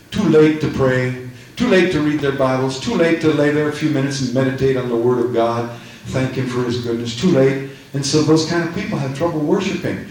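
A man preaching a rousing sermon in church, shouting rhetorical questions and acting out scripture. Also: mid-range voice, a little hiss or hum. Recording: echoey church from far off.

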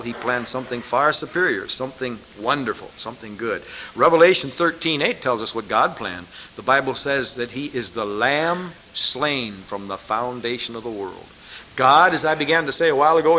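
A man's voice: medium pitch, bright, forceful tone, a little hiss or hum. A man preaching a sermon, pressing his listeners with emphatic rhetorical questions.

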